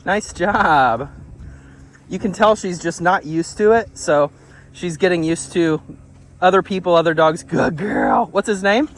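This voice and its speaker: A man with a high-pitched voice, talking casually as a dog trainer out on a walk. He explains his methods in a relaxed way and praises the dog often. The air outdoors carries a faint background noise. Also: normal speed, rough recording.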